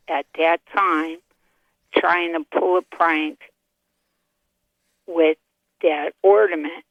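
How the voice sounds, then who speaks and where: An older woman calling in by phone, telling a ghost story in a chatty, animated way, full of "I go" and "he goes". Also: fairly low pitch, vocal fry, no echo. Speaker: caller. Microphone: telephone. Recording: tinny dry phone line.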